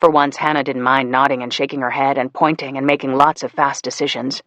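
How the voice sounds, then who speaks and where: A man narrating a psychological thriller audiobook in a measured storytelling manner, voicing the characters as he goes. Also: medium pitch, little pitch movement, pushed and bright, no room sound. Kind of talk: scripted narration.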